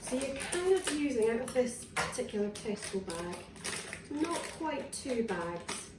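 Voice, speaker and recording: Scottish woman, fairly high-pitched, rambling home-cooking vlog, roomy kitchen with clattering pans. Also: big pitch swings, a little slow, recorded from a distance, very noisy. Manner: chatty and rambling, with fillers and restarts. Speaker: wellness vlogger. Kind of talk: casual cooking demonstration. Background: clinks of dishes, cutlery and pans.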